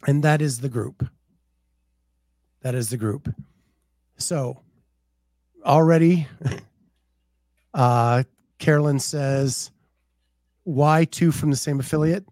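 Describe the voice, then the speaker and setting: A man's voice: medium pitch, slow pace, long pauses, darkish tone, no room sound. A man co-hosting a casual podcast, chatting in a laid-back way and reading out viewer comments. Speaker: podcast co-host. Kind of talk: casual chat.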